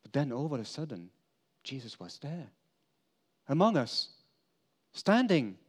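Slow, earnest man preaching in monologue. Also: medium pitch, very animated. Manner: earnest storytelling, swinging between emphatic lines and hushed confession. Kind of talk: first-person dramatic monologue as an apostle.

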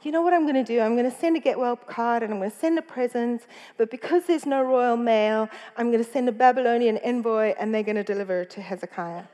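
Quick offhand ancient king, voiced by a woman pastor, high voice, church echo. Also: mellow, close to an everyday voice. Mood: scheming. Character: scheming ancient foreign king, breezy.

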